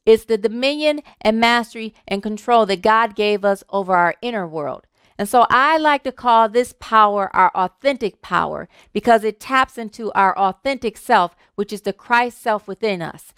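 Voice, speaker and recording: A woman minister giving a sermon, thanking performers and telling a humorous story, with an animated way of talking and easy laughter. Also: a little high, smooth, no echo, clean studio sound. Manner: warm, animated, laughs easily, repeats words.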